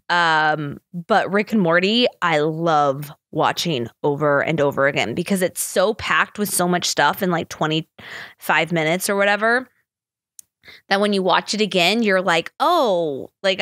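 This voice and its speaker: A woman's voice: mid-range voice, fairly bright tone, no room sound. Chatty woman podcast host, dry sound. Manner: rambling, chatty, laughs easily. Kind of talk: casual chat.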